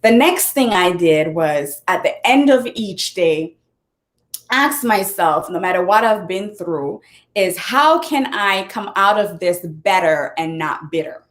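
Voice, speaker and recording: A woman's voice: fairly low pitch, expressive, takes it slowly. A woman who is a motivational speaker and author, giving an earnest, casual talk. She repeats her points, often restarts her sentences, and now and then fumbles for words. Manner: earnest and repetitive, with frequent restarts.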